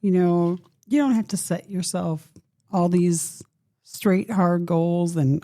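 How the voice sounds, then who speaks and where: A woman in her fifties hosts a solo podcast in a low, gravelly, mellow voice, recorded dry and close. She talks in an earnest, open way, thinking aloud and encouraging her listeners straight to them. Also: slow, no room sound. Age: 50s. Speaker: podcast host. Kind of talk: reflective solo podcast talk.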